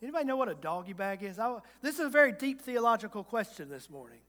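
A man's voice: high-pitched, sing-song, fast talker, sharp tone. A man with a Southern Virginia accent preaching a sermon, folksy and humorous, building to emphatic repetition. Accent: Southern American, Virginia. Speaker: guest preacher. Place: church sanctuary. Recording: long reverb of a church hall.

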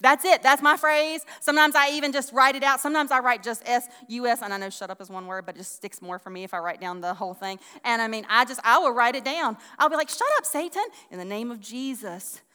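A woman's voice: a little high, fast talker, few pauses, bright, forceful tone, clear, resonant tone. A woman giving a casual, conversational sermon, folksy and chatty with frequent restarts and asides. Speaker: Bible teacher. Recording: long hall reverb.

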